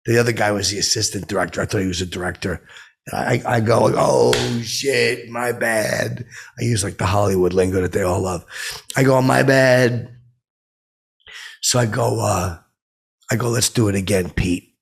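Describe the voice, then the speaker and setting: A man hosting a comedy podcast, telling a rambling story in a dim, oblivious deadpan that jumps up in pitch when he quotes people. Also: normal speed, gravelly, husky.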